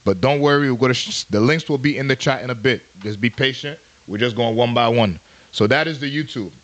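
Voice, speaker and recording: A man's voice: mid-range voice, a little fast, fairly bright tone, highs cut off. Playful man co-hosting a faith podcast. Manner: playful, repeats catchphrases. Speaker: podcast co-host. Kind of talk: casual chat.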